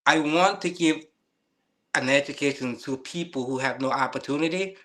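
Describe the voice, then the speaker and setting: Bright earnest man in his fifties. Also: on the high side. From Laos. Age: 50s. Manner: earnest, halting, non-native English. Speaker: co-host. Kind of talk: casual conversation.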